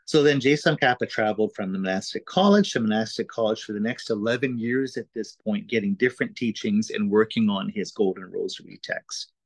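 A man's voice: on the low side, fairly quick, hardly any pauses, no echo, low-quality recording. A man teaching an introductory course in a casual, explanatory lecture style, talking informally with frequent "uh"s and "right?"s.

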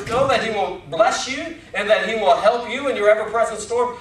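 Male pastor, high voice, chatty sermon style, echoey sanctuary recording. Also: moderate pace, a bit bright. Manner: conversational, folksy, with rising emphatic questions. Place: church sanctuary. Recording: echoey church from far off.

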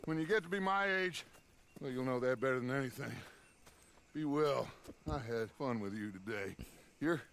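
An actor playing a charismatic middle-aged outlaw gang leader who talks in a smooth, fatherly, needling way, heard as game audio. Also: medium pitch, normal speed, a bit bright, slight background noise, close to an everyday voice. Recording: game audio over music.

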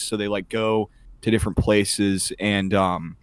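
A man's voice: fairly low pitch, little pitch movement, measured pace, smooth, no room sound. A young man co-hosting a podcast, talking crudely in casual chat with lots of fillers. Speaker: podcast co-host.

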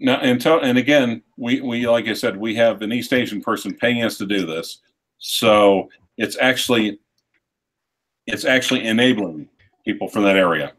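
A man's voice: lowish voice, normal speed, fairly bright tone. A man hosting a casual live stream chat, rambling and restarting his sentences while reading viewer comments.

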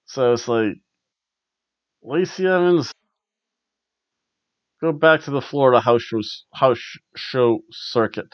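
A man chats through a wrestling recap in a loose, rambling way, chuckling between his wry asides. His voice sits at an ordinary middle pitch, and the recording sounds dull, lo-fi and dry. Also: lively intonation, takes it slowly, long pauses, no room sound. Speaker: podcast host. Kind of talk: casual wrestling review chat.

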